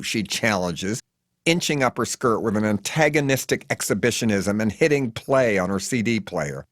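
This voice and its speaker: A man narrating his own memoir as an audiobook in an animated, comic storytelling manner. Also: on the low side, normal speed, no room sound, studio quality.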